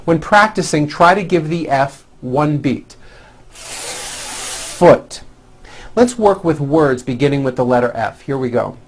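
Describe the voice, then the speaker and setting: A man teaching English pronunciation in a scripted lesson, demonstrating sounds slowly and with exaggeration. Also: on the high side.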